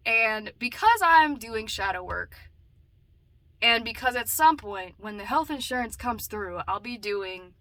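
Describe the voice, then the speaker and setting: Chatty woman vlogging to camera, bright highish voice, jumps from loud to mumbly. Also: normal speed. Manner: chatty and animated, swings between loud bursts and muttered asides. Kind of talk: casual talking-to-camera vlog.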